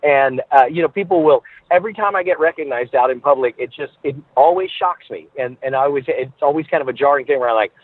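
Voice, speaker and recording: A man being interviewed as a guest, telling stories with animated, acted-out voices, heard over a phone line. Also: medium pitch, fast, few pauses, no room sound. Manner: animated storyteller who acts out voices. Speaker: guest entertainer. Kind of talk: podcast interview, storytelling.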